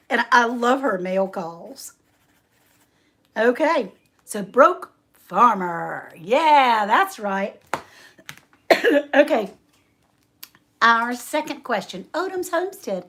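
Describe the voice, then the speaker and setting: Female livestream host, slightly high voice, unhurried chatty delivery with frequent laughs. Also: a bit bright. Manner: chatty, laughs often, reads viewer names aloud. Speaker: homestead channel host. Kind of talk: casual livestream chat.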